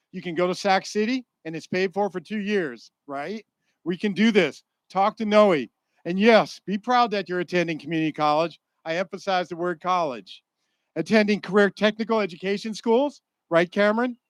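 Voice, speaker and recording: A man giving an energetic graduation speech at a school ceremony, rallying and joking with the graduates. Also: high voice, no room sound.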